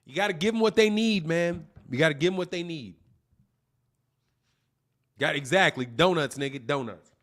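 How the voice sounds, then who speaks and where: A man with a high voice rants on a live stream, swearing freely and mocking a viewer. He taunts and laughs between jabs, like a boxing channel host going off on a heckler. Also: normal speed, long pauses, fairly bright tone.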